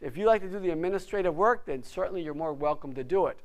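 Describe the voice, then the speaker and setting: A man's voice: on the high side, fast. A man who is a real estate broker, giving an instructional class to agents in an emphatic, motivational way and repeating words for stress. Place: office classroom.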